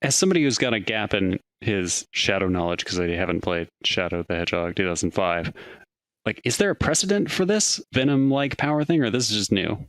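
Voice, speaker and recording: A man co-hosting a casual podcast, relaxed, asking curious questions. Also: fairly low pitch, fairly quick, no echo. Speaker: podcast co-host.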